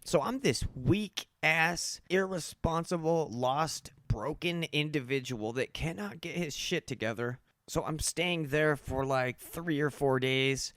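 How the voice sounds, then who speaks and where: A man's voice: on the high side, slow pace, few pauses, fairly bright tone, no echo. A man candidly telling his own addiction story in a casual, emphatic, profane way.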